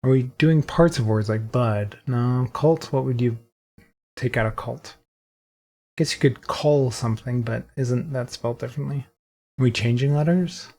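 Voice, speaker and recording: A man's voice: medium pitch, moderate pace, a little mellow. A young adult man solving a daily word puzzle alone, thinking aloud and questioning himself as he goes. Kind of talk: casual solo gameplay commentary.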